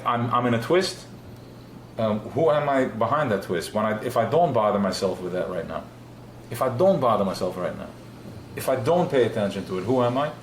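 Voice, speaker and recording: A man's voice: medium pitch, slight background noise. Guy giving a live chassidic class, passionate, keeps circling back, echoey room. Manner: passionate, repetitive, asks himself questions. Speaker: Chassidic teacher.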